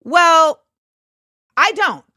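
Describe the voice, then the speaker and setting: Blunt, forceful woman hosting a livestream. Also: very high voice, animated, very slow, no echo, clean studio sound. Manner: blunt and opinionated. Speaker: host. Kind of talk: livestream talk reading viewer comments.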